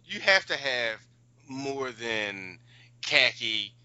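A man in casual chat as a co-host, rambling and playful, his voice very bright and edgy, the pitch swinging widely. The recording sounds a bit dull and muffled. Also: lively intonation, very slow, clear, resonant tone, no echo. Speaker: podcast co-host.

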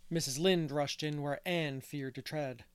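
A man reading a classic novel aloud as narrator, measured and unhurried. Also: fairly high pitch, fairly even intonation, smooth, dry recording, clean studio sound. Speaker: audiobook reader. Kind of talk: scripted narration.

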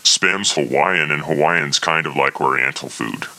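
Man, deep voice, crisp bright tone, exasperated bickering, improvised comedy cooking show. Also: unhurried. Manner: argumentative, mock-exasperated. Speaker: co-host of a mock cooking show. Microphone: headphones and a microphone, sitting back from it.

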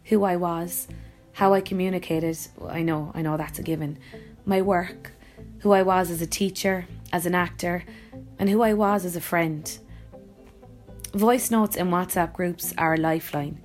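A woman's voice: on the low side, steady tone, a little slow, a little mellow, soft background music. A woman with an Irish accent, an actor and voice-over artist, reading her own blog post aloud in a reflective, wry and personal way.

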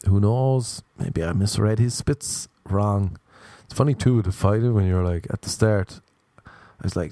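Young irish man, low voice, dry close sound, deadpan, rambling crude story. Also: unhurried, no room sound. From Ireland. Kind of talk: storytelling monologue.

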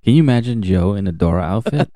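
A man's voice: fairly low pitch, animated, quick pace, warm tone. A young man co-hosting a podcast, recapping a TV show in casual, crude, joking chat and acting out characters' lines.

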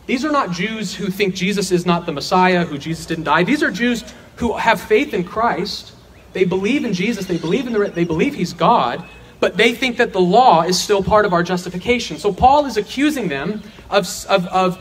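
A man's voice: sits high, animated, normal speed, slight background noise. A man teaching a verse-by-verse sermon, earnest and emphatic, asking rhetorical questions and answering them himself. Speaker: Bible teacher.

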